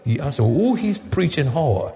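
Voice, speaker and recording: Man, pastor, fervent sermon, fairly high voice, reverberant hall. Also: very animated, a little slow, a little hiss or hum. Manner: fervent, rising to shouts, calls on congregation to respond.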